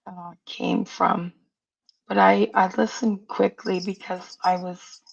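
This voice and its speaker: A woman's voice: medium pitch, fairly even intonation, takes it slowly, creaky, lo-fi sound. A woman hosting a casual livestream chat, blunt and outspoken in manner. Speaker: livestream host.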